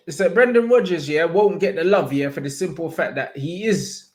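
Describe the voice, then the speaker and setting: A young man hosting a casual livestream, chatting in heavy slang and shouting out viewers. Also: a little high, animated, normal speed, hardly any pauses. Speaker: livestream host.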